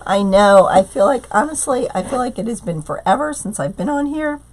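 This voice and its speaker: A middle-aged woman with a hoarse voice from a cold, chatting through a live craft tutorial and greeting viewers by name. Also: medium pitch, lively intonation, fairly quick, background noise. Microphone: tablet streaming live.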